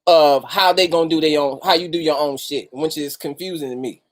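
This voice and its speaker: A man's voice: on the high side, a little fast. A man hosting a casual livestream, greeting viewers by name and talking loosely with street slang and plenty of profanity. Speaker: host of a livestream talk.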